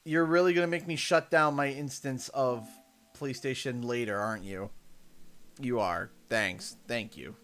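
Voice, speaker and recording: This livestreaming gamer from Canada, a man in his thirties, talks a little slowly in a mid-range, slightly bright voice. He's a chatty storyteller who laughs and does voices as he plays.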